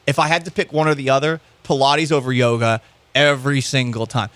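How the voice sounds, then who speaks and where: A man's voice: mid-range voice, steady tone, a little fast, fairly bright tone, clear, resonant tone, no room sound. A man hosting a sports talk show, telling rambling, self-mocking stories in casual chat. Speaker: sports podcast host.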